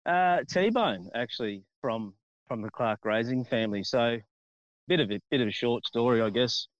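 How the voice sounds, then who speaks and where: Friendly Australian chef guest calling in from a farm, relaxed, medium pitch, muffled lo-fi audio. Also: male voice, normal speed, dry recording. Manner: friendly, laid-back, says mate a lot. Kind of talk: casual interview chat. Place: outdoors on a farm under a shady tree. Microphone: phone on a tripod on a ute.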